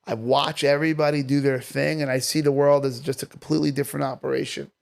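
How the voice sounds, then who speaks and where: Talking fast in a level, creaky, medium-pitched voice, this Staten Island comedian makes a brash, foul-mouthed podcast guest. His casual chat hops from one topic to the next.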